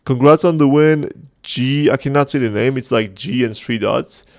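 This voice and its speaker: Gravelly-voiced man chatting on a livestream. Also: medium pitch, moderate pace, darkish tone. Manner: chatty, joking, reading chat aloud. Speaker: host of a community livestream. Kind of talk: casual livestream chat.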